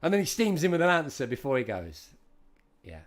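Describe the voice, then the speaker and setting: Chatty live-stream quiz host, lively pitch. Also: male voice, fairly quick, faint music behind. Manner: chatty, reads out viewer names and quiz questions.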